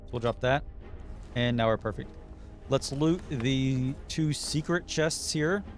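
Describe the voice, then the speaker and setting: Slow-talking man streaming a game. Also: medium pitch, soft background music. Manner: relaxed, muttering and thinking aloud while playing. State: throat getting sore. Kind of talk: casual live game commentary.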